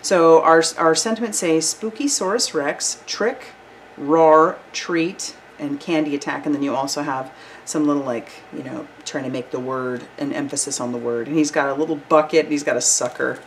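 A woman with a low, deep-set voice talks through new crafting products in an upbeat, gushing vlog style. She chats casually and freely. A faint hum sits underneath the recording. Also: steady tone, normal speed. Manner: bubbly, enthusiastic, chatty with fillers. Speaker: card-making channel host.

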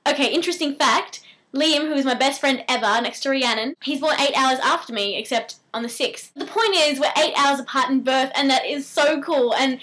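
Bubbly high-voiced Australian teen girl. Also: moderate pace. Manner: bubbly, giggly and excitable. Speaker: vlogger. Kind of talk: casual chat to camera.

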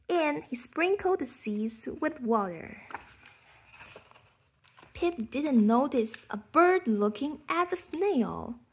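A woman reading a children's picture book aloud in a soft, half-whispered storytelling manner. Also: high-pitched, sing-song, takes it slowly, breathy edge.

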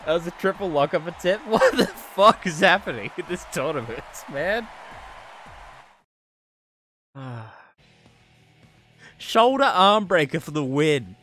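A man with a bright, sharp voice pitched a little high, commentating a wrestling game on a live stream. He swears and laughs a lot and swings from yelling to low muttering, with faint music playing behind him. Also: animated, slow, long pauses.

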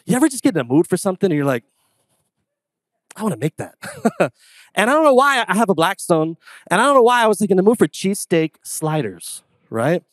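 A man preaching a sermon as pastor, telling casual stories in an animated, conversational way. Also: sits high, brisk, no room sound. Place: church sanctuary.

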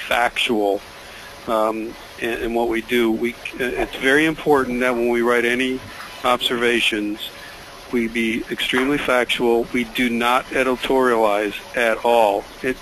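Man, gravelly voice, emphatic, repeats and restarts words, webinar panelist. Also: medium pitch, noisy background. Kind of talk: spoken comment in a webinar.

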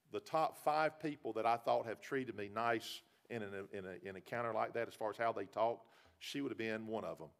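Folksy gravelly preacher. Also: male voice, medium pitch. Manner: folksy storytelling, repeats words. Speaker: pastor. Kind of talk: sermon. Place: church.

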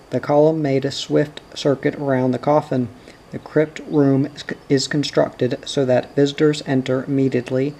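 A man reading a nonfiction book aloud in an even, measured way, speaking the quoted lines quietly within the narration. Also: mid-range voice, low-quality recording. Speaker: audiobook reader.

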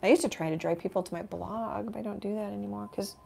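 A woman's voice: medium pitch, steady tone, quick pace, gravelly, a little mellow, a little hiss or hum. A middle-aged woman hosting a live painting demo from her home studio, chatting casually and thinking aloud as she works, often trailing off mid-sentence. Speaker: art teacher and channel host. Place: home art studio, indoors.

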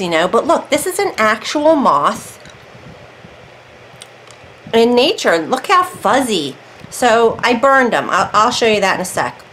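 A woman's voice: a little high, a bit bright, slight background noise, rough recording. A woman vlogging about her crafts in a casual, rambling way, often breaking off and starting sentences again. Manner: chatty, rambling, self-interrupting. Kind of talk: casual chat. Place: warm room at home.

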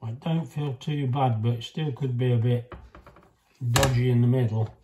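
A man's voice: mid-range voice, steady tone, normal speed, over music. A man chatting casually in his home cooking vlog, talking to himself as he tastes a cake. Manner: chatty, self-talking, talks with mouth full.

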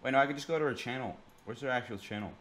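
A man's voice: medium pitch, very fast, a bit bright, a little hiss or hum. A young man streaming, giving crude, rambling reaction commentary full of swearing.

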